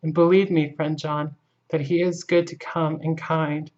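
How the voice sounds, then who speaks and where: A woman's voice: deep voice, level tone, unhurried, a little mellow. Van Helsing, a woman reading an old Dutch professor. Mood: earnest, mournful. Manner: earnest, broken English, lyrical monologue. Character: older Dutch male professor, grieving and philosophical. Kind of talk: audiobook reading. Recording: dull lo-fi recording.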